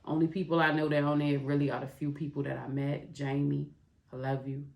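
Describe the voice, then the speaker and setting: Podcast host, middle-aged woman, deep voice, raw and heartfelt, talks straight to "y'all", roomy sound. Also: level tone, a little fast, creaky, a little mellow. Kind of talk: candid confessional monologue. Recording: roomy echo.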